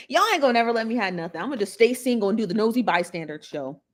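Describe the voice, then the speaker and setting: A woman hosting a casual celebrity gossip livestream, chatty and laughing often as she talks straight to her viewers. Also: fairly high pitch. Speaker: livestream host.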